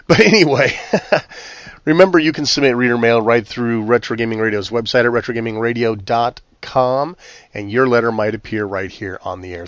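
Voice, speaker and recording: A man hosting a retro gaming podcast with a hoarse, scratchy, worn-out voice, talking conversationally with frequent ums and uhs. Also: medium pitch, a bit bright, no echo, dull audio. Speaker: podcast host.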